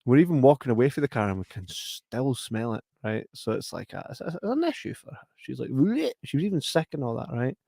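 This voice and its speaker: A man's voice: fast, creaky, hardly any pauses, no echo. A Scottish man co-hosting a podcast, telling a story in casual chat, acting out the other people in it and laughing often. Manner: animated, acts out voices with big pitch jumps, laughs often. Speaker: podcast co-host.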